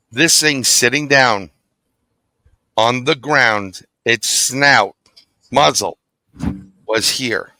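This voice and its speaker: A man recounts an encounter as an interview guest, his voice bright and tense, edged with a forceful ring. The recording is close and dry, with no room sound around him. He tells it vividly and bluntly, with an occasional curse. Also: mid-range voice, dry recording. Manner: vivid, animated storytelling, blunt and profane. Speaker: guest, paranormal investigator. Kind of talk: storytelling in an interview.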